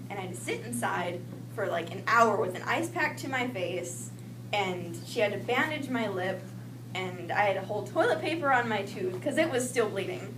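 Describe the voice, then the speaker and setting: A young woman telling a personal childhood story in a lively way, acting out the voices she quotes. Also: mid-range voice, moderate pace. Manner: animated, acts out quoted voices. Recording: echoey room with noise, mic at a distance.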